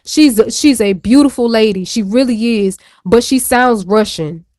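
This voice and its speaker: A woman's voice: a little high, normal speed, a little mellow, no echo. Chatty woman with a dry, close sound. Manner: candid, chatty storytelling with slang asides. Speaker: show co-host. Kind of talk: casual chat.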